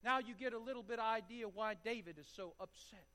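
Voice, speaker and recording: A man preaching a sermon with impassioned delivery that swells to loud, emphatic peaks. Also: high voice, fairly quick. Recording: long hall reverb.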